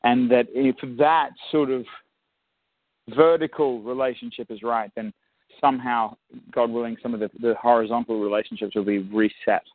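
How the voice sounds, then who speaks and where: A man's voice: medium pitch, steady tone, normal speed, no echo. Australian male guest, reflective and restarting, on a dry phone-line recording. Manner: thoughtful, many restarts. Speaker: musician and actor, guest. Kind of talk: casual interview.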